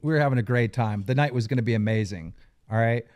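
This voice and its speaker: A man hosting a podcast, telling animated stories and laughing often. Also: medium pitch, quick pace. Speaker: podcast host. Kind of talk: casual storytelling.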